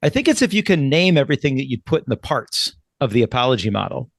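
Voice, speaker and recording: Midwestern male podcast co-host, calm and instructive, dry close sound, voice at a middling pitch. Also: quick pace, creaky, dry recording. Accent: Upper Midwest American. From Wisconsin. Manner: calm, instructive, acts out sample phrases. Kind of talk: advice podcast discussion.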